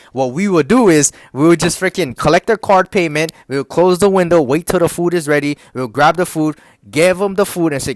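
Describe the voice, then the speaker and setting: A man's voice: a little high, no room sound. A young man telling a story in a casual, rambling rant, swearing often and talking straight to his viewers. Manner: rambling, profane, filler-heavy, keeps addressing the audience. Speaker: YouTuber.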